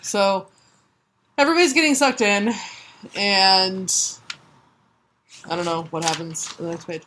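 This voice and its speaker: A woman's voice: mid-range voice, a little slow, fairly bright tone, slight background noise. A woman co-hosting a casual comic book podcast, retelling the plot with laughs and silly put-on voices. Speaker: podcast co-host.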